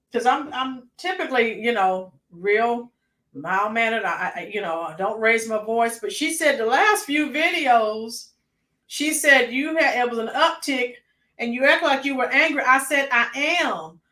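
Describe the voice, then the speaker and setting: A woman's voice: on the high side, a little slow, sharp tone, reverberant. A woman hosting a casual political livestream, getting fired up and talking to her chat by name. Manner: fired-up, talks back to live chat by name. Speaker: livestream host.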